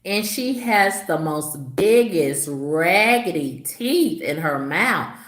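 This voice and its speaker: A woman's voice: lowish voice, animated, slow, fairly bright tone, reverberant. A woman vlogger telling a story to her viewers in a sassy, gossipy way, her voice swooping up for emphasis. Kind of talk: casual vlog storytelling to viewers.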